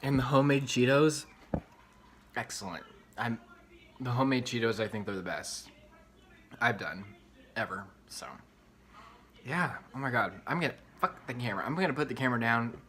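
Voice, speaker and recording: A man's voice: medium pitch, normal speed, long pauses, slight background noise, rough recording. A young man chatting casually while he cooks in his home kitchen, rambling, swearing often and filling his talk with "like". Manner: excitable, rambling, swears often, many "like" fillers. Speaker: vlogger. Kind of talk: casual cooking vlog chat. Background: frying sizzle.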